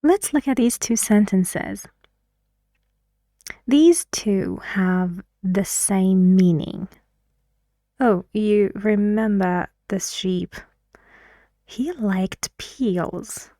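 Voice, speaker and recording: This is a woman giving a video lesson in a patient, questioning way. She talks very slowly with a warm, mellow tone. The sound is dry and close, with no room around it. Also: mid-range voice, no echo. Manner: patient, asks learners questions. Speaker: English teacher.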